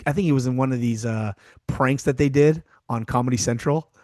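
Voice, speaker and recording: A man's voice: medium pitch, brisk, warm tone, no room sound. Chatty man with a dry sound. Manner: chatty, trails off and restarts, tells anecdotes. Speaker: podcast co-host. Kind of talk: casual chat.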